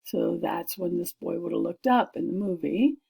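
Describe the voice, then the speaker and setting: A woman's voice: on the low side, normal speed, gravelly, mellow, slightly rough, low-quality recording. A woman teacher reading a screenplay aloud to young pupils and explaining it step by step, with many fillers and asides.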